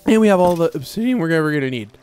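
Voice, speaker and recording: A man giving casual gameplay commentary at home, excitable and quick to break into high-pitched shrieks and laughter, speaking into a desk mic with a windscreen while wearing headphones. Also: clear, resonant tone, faint music behind. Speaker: let's play gamer. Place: home room with his puppy nearby.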